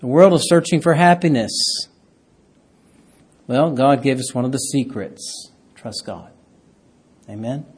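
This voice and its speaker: A pastor preaching a sermon, reading scripture aloud and rising loud on key words. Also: male voice, medium pitch, a little slow, long pauses, husky.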